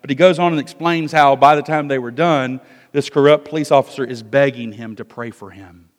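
A male pastor preaching an expository sermon, moving between loud emphasis and hushed asides. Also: mid-range voice, steady tone, fairly quick. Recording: long hall reverb.

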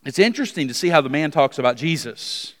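High-voiced preacher in a reverberant hall. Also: male voice, animated, fast talker. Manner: dramatic, swings from hushed to emphatic. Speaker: pastor. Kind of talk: sermon reading scripture.

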